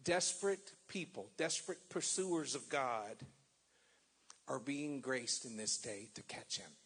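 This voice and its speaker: Male pastor preaching, husky and unhurried, long dramatic pauses, swells then hushes. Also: medium pitch. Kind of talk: sermon with scripture reading.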